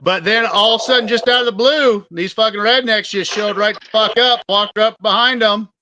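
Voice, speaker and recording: A man's voice: sits high, fairly quick, noisy background. A man co-hosting a casual podcast, swearing freely as he tells rowdy stories. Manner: profane, storytelling, swears a lot. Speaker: podcast co-host.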